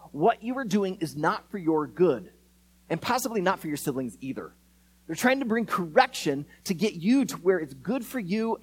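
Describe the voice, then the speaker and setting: A pastor delivers a sermon in an animated, expressive way, acting out the people in his stories. His voice sits high for a man and swings widely in pitch. It has a slightly husky grain. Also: low-quality recording. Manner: animated, acts out quoted voices.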